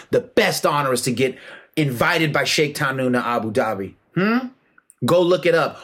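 A man delivering a heated, emphatic monologue with a slightly high voice. He lectures in a preachy, slangy way, pressing his points hard and slipping into mocking asides. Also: fairly bright tone. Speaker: martial arts commentator. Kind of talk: impassioned monologue.

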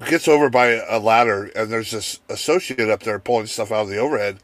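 A man's voice: fairly low pitch, fairly quick. A man telling rowdy work stories on a casual podcast, swearing freely and acting out the people he talks about. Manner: profane, animated, acts out the people in his stories.

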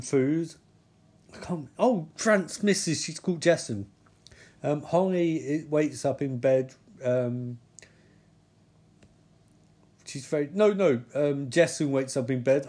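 Guy, slightly higher voice, rambling TV recap, sweary and dry, keeps losing names. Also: darkish tone. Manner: rambling, sweary, sarcastic asides, forgets names. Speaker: TV episode reviewer. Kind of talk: casual live-watch commentary.

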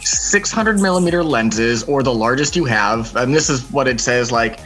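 Bright-voiced wry podcast co-host. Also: mid-range voice, expressive, moderate pace, faint music behind. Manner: wry, joking asides. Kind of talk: casual chat.

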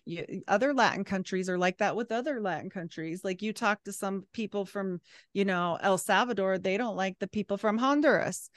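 A woman's voice: medium pitch, no echo. Blunt, chatty woman, dry sound. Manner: blunt, chatty, heavy use of "like". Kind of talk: casual political chat.

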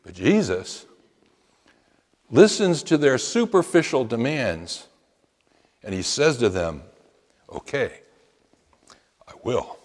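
A man delivers a sermon from the pulpit at an unhurried, measured pace. His voice swells into emphatic, chanted quotations before settling back. The sound carries the long reverb of a large hall. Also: medium pitch, sing-song. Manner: emphatic preaching with rising chanted quotes. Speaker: pastor.

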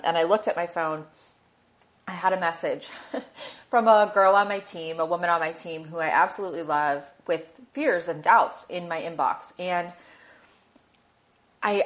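A woman hosting a podcast, telling a personal story in a candid, emotional way and swearing casually. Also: lowish voice. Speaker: podcast host.

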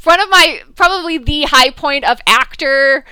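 A woman with a high, bright voice that swings widely in pitch, chatting animatedly with a co-host. She acts out quotes and laughs often, recorded close and dry. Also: animated, unhurried, no room sound. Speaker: podcast co-host. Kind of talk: casual fan chat.

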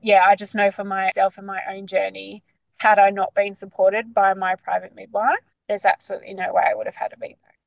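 A woman's voice: mid-range voice, a little fast, gravelly, no echo, highs cut off. Chatty woman, dry close sound. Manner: chatty, animated, lots of "like" fillers. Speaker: guest sharing her birth story. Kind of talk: casual storytelling.

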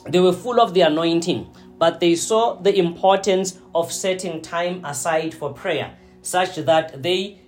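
A man preaching a sermon, slow and deliberate, often checking in with his listeners. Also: high voice, faint music behind. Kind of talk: sermon teaching.

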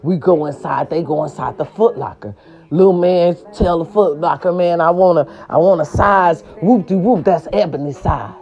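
Woman telling a story casually, swears a lot, keeps going "you understand me?", mellow voice, kinda muffled lo-fi audio. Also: lowish voice, moderate pace. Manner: animated, emphatic and profane, with frequent rhetorical check-ins.

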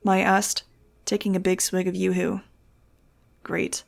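A woman reads a novel aloud into a home microphone, her voice carrying a gravelly fry at mid pitch. She narrates in the first person with an expressive, wry touch. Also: unhurried. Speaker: audiobook reader.

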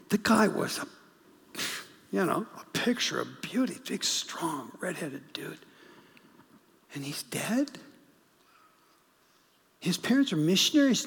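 A middle-aged man, a guest pastor, preaching a sermon as a story, swinging from urgent bursts to hushed, whispered lines. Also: sits high, very animated, measured pace, creaky, long pauses, slightly rough, long reverb tail. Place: church sanctuary.

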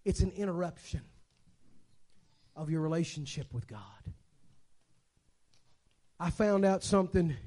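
A man in his sixties, speaking as a guest preacher, delivers a sermon through stories, moving between quiet talk and shouting. His voice sits a little high.

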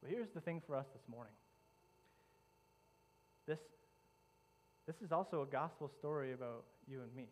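A man's voice: mid-range voice, normal speed, pauses often, a little mellow, poor audio. Impassioned male preacher. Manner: dramatic storytelling with frequent restarts and repetition. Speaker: pastor. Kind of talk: sermon.

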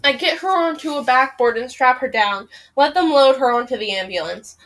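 A woman hosting a podcast, reading a novel aloud with an emotional, expressive delivery in first person. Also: high-pitched, moderate pace.

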